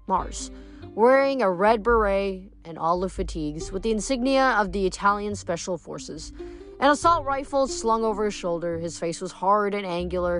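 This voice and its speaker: A woman reads a novel aloud in a steady storytelling voice, leaning into the dramatic moments. Her pitch sits mid-range. Soft music runs faintly underneath. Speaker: reader.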